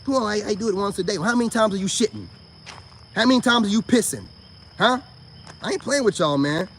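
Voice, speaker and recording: A man giving a profane, mocking monologue, swinging between high outbursts and low mutters. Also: animated, brisk, a bit bright, a little hiss or hum. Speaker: online commentator. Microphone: self-recorded video.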